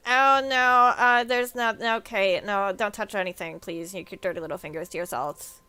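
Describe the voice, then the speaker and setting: A woman's voice: mid-range voice, moderate pace, pushed and bright, smooth. A woman streaming a game, talking in a rambling, joking way with casual swearing. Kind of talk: casual gaming commentary.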